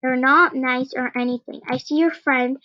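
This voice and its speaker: A teenage girl quoting an obsessive, possessive shy girl in a flat, insistent voice. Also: sits high, moderate pace, no echo, highs cut off, natural voice.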